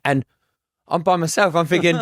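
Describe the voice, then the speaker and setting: A man's voice: fairly high pitch, steady tone, normal speed, fairly bright tone, no room sound, studio quality. A man, a surveyor, telling blunt anecdotes in casual podcast chat and swearing freely.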